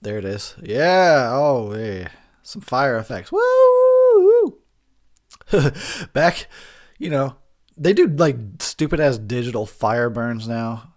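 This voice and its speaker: A tipsy man riffing over a film he finds boring, his voice swinging widely up and down. He rambles, swears and breaks into laughter between remarks, with a medium pitch for a man. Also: very animated, takes it slowly, darkish tone. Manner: rambling, crude, laughs often. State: drunk. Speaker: host of a movie commentary. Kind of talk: drunken movie commentary.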